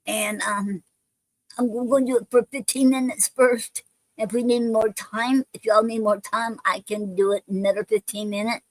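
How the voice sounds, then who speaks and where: A woman's voice: a little high, fairly even intonation, normal speed, no room sound, rough recording. A woman hosting a casual live stream, talking with many ums and restarts.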